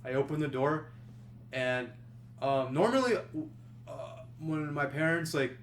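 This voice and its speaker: Young male podcast host, slightly high voice, rambling casual storytelling, faint hiss behind. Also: animated, slow. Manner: rambling, many fillers and restarts. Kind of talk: casual storytelling among friends.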